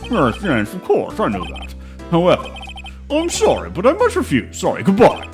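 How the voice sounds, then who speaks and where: A woman voicing a pompous, evasive old male lawyer in a playful game voice-over, with hems and throat-clearing. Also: fairly low pitch, wildly swooping pitch, normal speed. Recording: stream audio over loud game music.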